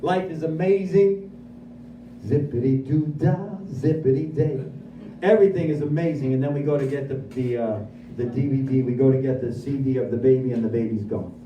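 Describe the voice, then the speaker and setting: A man giving a lively personal recovery testimony at a speaker meeting, acting out his own dialogue as he goes. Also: medium pitch, fast, highs cut off, slight background noise. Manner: animated storyteller who acts out his own dialogue. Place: meeting room at a recovery center. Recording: echoey room, voice from far off.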